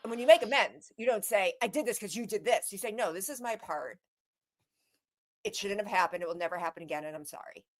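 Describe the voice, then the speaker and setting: A woman's voice: mid-range voice, quick pace. A woman co-hosting a livestream, venting earnestly in casual chat about being harassed online. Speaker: livestream co-host.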